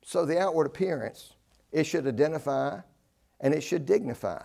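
An older man preaching a sermon, emphatic, repeating key phrases and swinging between loud declarations and hushed asides. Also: on the high side, lively intonation, normal speed, vocal fry, breathy edge.

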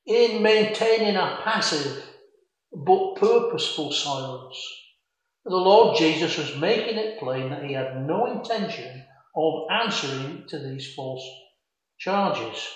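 Preacher man in a very echoey room. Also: a little high. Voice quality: quotes scripture in old-fashioned formal phrasing. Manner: measured and reflective, with frequent "uh" fillers. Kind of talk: expository sermon on a Bible passage.

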